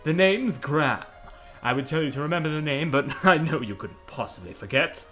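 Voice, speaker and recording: A man's voice: fairly high pitch, animated, brisk, pushed and bright, faint music behind, pitched above the performer's own voice. A man voicing a vain, pompous dandy who is proud of his fine suit, reading game dialogue aloud. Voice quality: haughty, self-admiring.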